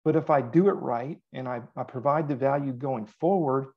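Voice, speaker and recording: Gravelly middle-aged man telling sales stories. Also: medium pitch, normal speed, lo-fi sound. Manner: animated storytelling, quoting himself. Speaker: podcast guest. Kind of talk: casual interview chat.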